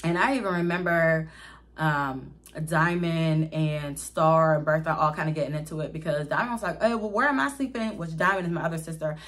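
A woman's voice: deep voice, steady tone, moderate pace, fairly bright tone. A young woman vlogger telling a story from her childhood to viewers, chatty and candid, often calling them y'all and adding slang. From Pittsburgh area, USA. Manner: candid, dramatic retelling with slang. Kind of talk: casual storytime.

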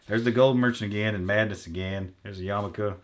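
A man's voice: fairly low pitch, steady tone, a little fast. A man co-hosting a podcast, casually and crudely bantering while he opens trading card packs and mangles the card names on purpose. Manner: profane, mock-mispronounces card names. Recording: audible background noise, crinkling packs. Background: crinkling card wrappers.

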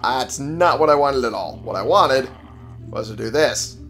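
A man's voice: medium pitch, expressive, normal speed, a bit bright, faint music behind. A man giving casual gameplay commentary, sarcastic and profane, talking back to the game's characters. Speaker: let's play gamer.

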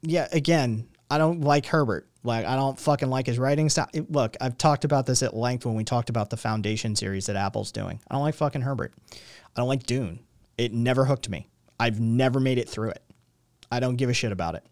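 A man's voice: medium pitch, brisk, a little mellow, no room sound, clean studio sound. A young adult man hosting a stream, ranting casually with lots of swearing and rambling restarts. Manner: profane, rambling, exasperated. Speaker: stream host.

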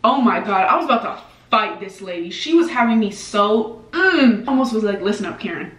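A young woman telling a story in a casual vlog, animated and swearing freely, with lots of "like" fillers. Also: on the high side, moderate pace. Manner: animated, profane, lots of "like" and reenacted dialogue. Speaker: vlogger. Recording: echoey room, mic at a distance.

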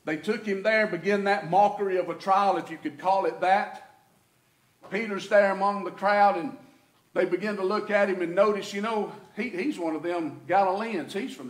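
A man with a Southern US accent preaching a sermon as pastor, folksy and swinging between loud and quiet. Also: sits high. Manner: folksy preaching, rising and falling in intensity. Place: church sanctuary. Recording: echoey church room.

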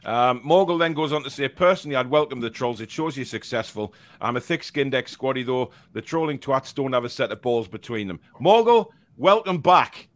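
A man's voice: medium pitch, expressive, fairly quick, hardly any pauses. A man hosting a live fan stream, reading out comments with sarcastic, mock-exasperated asides. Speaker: host reading viewer comments. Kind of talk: casual live-stream chat.

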